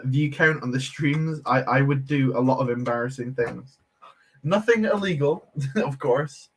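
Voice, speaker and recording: Man, unhurried talker, mid-pitched voice, livestream host, chatty, self-deprecating, answers chat while building. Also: breathy edge. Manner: laughs easily, self-deprecating.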